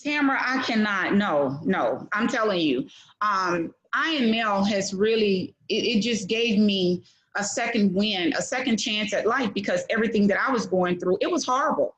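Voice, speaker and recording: A woman's voice: medium pitch, lively intonation, normal speed, a bit bright, low-quality recording. A middle-aged woman giving a heartfelt, preachy testimonial on an online call, full of fillers. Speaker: webinar participant giving a testimonial. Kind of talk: emotional testimonial.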